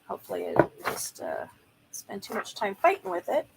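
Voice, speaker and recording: A woman's voice: a little high, wildly swooping pitch, fairly quick, vocal fry, noisy background. A woman chatting casually while she works on a craft project, thinking aloud and explaining each step as she goes. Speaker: journaling crafter. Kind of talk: casual craft tutorial chat.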